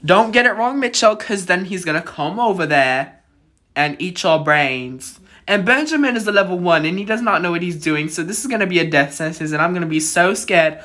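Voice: mid-range voice, lively intonation, a little fast, sharp tone. A gamer giving let's-play commentary on a horror game, jittery and exclaiming in fright, dropping to whispers at tense moments.

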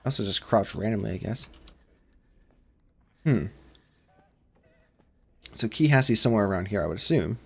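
A man hosting a let's-play of a horror game, rambling along and shouting whenever he is startled. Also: on the low side, expressive, normal speed, gravelly, long pauses, breathy edge. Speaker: gaming channel host.

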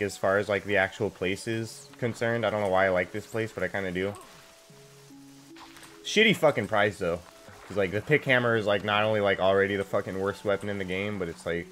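A man with a fairly low voice gives loose, profane commentary while he plays a game, piling up fillers and swearing as he goes. Faint game music sits quietly behind him. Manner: profane, rambling, lots of fillers. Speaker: game streamer. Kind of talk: casual gameplay commentary.

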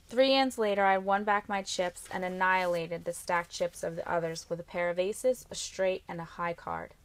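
A woman narrating a novel in the first person, reading with steady, even storytelling. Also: on the low side, normal speed, few pauses. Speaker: audiobook narrator.

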